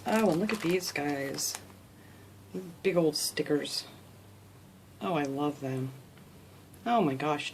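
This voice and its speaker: Craft vlogger lady, gasps and gushes over her mail, slips into soft whispers, faint hiss behind. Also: low voice, slow, long pauses. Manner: gushing, gasps often, drops to soft whispers. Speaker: craft channel host. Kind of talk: casual unboxing chat.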